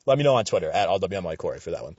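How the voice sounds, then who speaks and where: A young man from Western New York giving a casual, rambling opinion commentary, swearing freely and getting animated. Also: sits low, rapid-fire, slightly rough, no room sound, lo-fi sound. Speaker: radio show commentator.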